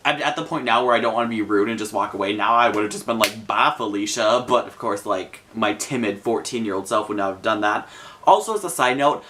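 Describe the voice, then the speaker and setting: Brief: young adult male vlogger, storytime delivery, animated, loose and chatty, mid-pitched. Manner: chatty, animated retelling full of fillers. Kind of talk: casual storytime.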